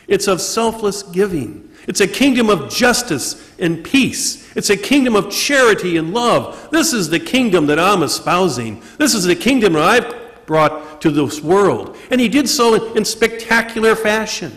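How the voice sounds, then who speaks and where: A male priest preaching a sermon at Mass, posing rhetorical questions and answering them himself, leaning slowly on key words. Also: high-pitched, sing-song, a bit bright. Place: church during Mass. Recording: long reverb of a church.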